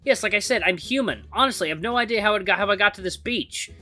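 A game streamer voicing the bewildered, flustered castaway hero of a visual novel, with high, excited exclamations. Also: fast talker, soft background music, close to an everyday voice. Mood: earnest.

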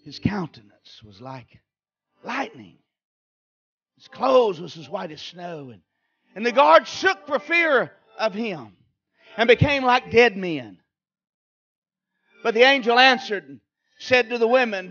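Man, pastor, very high voice, slow deliberate delivery, fervent preaching, shouted bursts, church sanctuary. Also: sing-song, muffled recording. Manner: fervent preaching, swinging from quiet asides to shouted exclamations. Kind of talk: Easter sermon.

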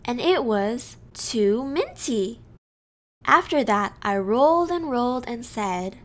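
Slow, bright-voiced woman reading a picture book. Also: on the high side. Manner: slow, expressive, in a child's first-person voice. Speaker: storyteller. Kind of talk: children's storybook read-aloud.

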